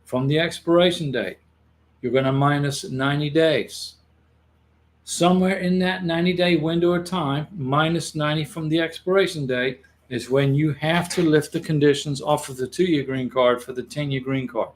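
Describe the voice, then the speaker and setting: On his immigration advice livestream, this host speaks at a moderate pace in a steady, high-leaning voice. His manner is casual and reassuring, and he frequently restarts or repeats what he's saying.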